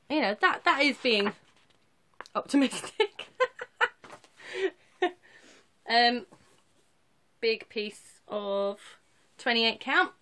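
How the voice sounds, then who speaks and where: A woman's voice: medium pitch, fairly bright tone. A woman in her thirties talking casually to camera, showing her cross-stitch projects in a rambling, self-deprecating way. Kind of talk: casual chatty show-and-tell.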